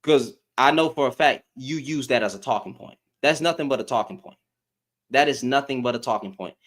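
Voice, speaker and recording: A man's voice: medium pitch, a little fast, fairly bright tone. A man hosting a live stream, giving heated commentary in an exasperated tone, repeating himself for emphasis and swearing.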